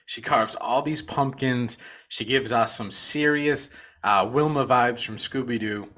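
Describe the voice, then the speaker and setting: A man with a bright, forceful voice talks through his favorite scenes on a casual movie podcast. He is laid-back and swears freely, saying "dude" a lot, while his pitch sits in an ordinary middle range. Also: measured pace. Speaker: podcast co-host. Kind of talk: casual movie review chat.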